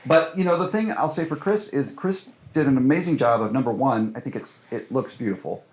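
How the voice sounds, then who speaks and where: A man's voice: medium pitch, a little fast. A man, a film director, talking casually in an interview, full of fillers and restarts. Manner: animated, many fillers and restarts. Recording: roomy echo.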